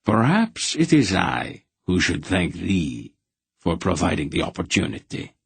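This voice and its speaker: A man's voice: low voice, huge pitch swings, vocal fry, slightly rough, no room sound, heavily acted. A man voicing a courtly, chivalrous knight who speaks in archaic, formal phrases. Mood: candid. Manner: archaic formal speech, measured and slow.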